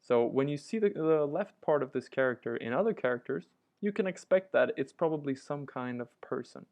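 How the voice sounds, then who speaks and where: A man's voice: a little high, animated, fairly quick, a little mellow, highs cut off. A man teaching a language lesson, patiently walking through each example and repeating it. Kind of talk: instructional walkthrough.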